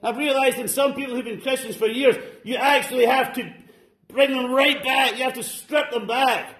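A man preaching a sermon to a congregation, fervent and exclaiming, dropping at times to soft, low asides. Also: steady tone, normal speed, roomy sound. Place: church service.

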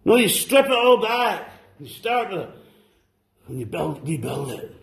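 A man preaching a sermon to a congregation, fervent and exclaiming, dropping at times to soft, low asides. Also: big pitch swings, a little slow, creaky, roomy sound. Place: church service.

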